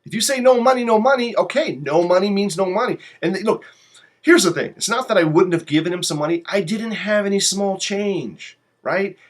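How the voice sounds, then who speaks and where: A man telling his own travel stories in a casual, rambling way, swearing freely and getting animated. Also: high-pitched, normal speed. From lives in Poland. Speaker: vlogger.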